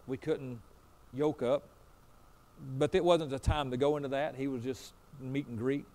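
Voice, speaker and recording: A man's voice: mid-range voice, steady tone, moderate pace, darkish tone. A man preaching a sermon as pastor, telling a story in a folksy way and acting out both sides of a conversation. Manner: folksy, repeats "I said" and "he said".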